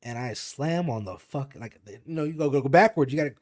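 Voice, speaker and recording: A man's voice: medium pitch, animated, a little fast, a little mellow. A young man on a podcast, telling a spooky story casually with lots of fillers and swearing. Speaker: podcast co-host.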